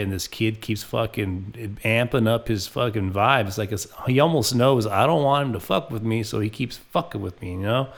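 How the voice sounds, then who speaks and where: A man with a fairly low, gravelly voice delivers a crude comic monologue. He rambles through his stories, swearing freely and acting out the people in them. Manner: profane, rambling storytelling with acted quotes. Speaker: comedic podcast host.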